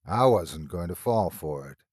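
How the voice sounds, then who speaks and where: A man's voice: sits low, lively intonation, a little slow, a little mellow, husky, dry recording, clean studio sound. A man narrating a scripted horror story in a tense, dramatic storytelling manner.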